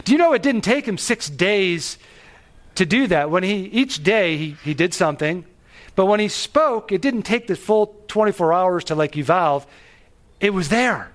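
A man preaching a sermon on a Bible passage, animated and emphatic, pushing his voice up on key phrases. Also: high voice, normal speed. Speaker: pastor.

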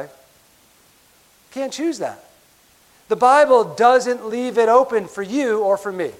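A man preaching a sermon, emphatic, slowing down on key words and asking rhetorical questions. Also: extremely high pitch, expressive. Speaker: pastor.

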